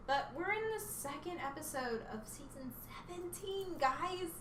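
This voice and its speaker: A woman's voice: high voice, expressive, normal speed, few pauses. A young woman co-hosting a casual fan podcast, bubbly and rambling, often laughing. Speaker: podcast co-host. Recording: echoey room, mic far off, noisy.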